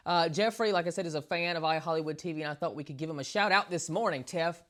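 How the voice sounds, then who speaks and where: A man's voice: on the high side, fast talker, fairly bright tone. A man hosting an entertainment interview, gushing and enthusiastic, with lots of affirming fillers. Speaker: interview host.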